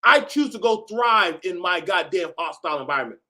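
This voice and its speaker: A high-voiced man talks over clips he is reacting to. He is loose and profane, and his voice swings into sudden shouts. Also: fairly quick. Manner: animated, profane, bursts into shouting. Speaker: host reacting to videos. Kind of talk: casual reaction commentary.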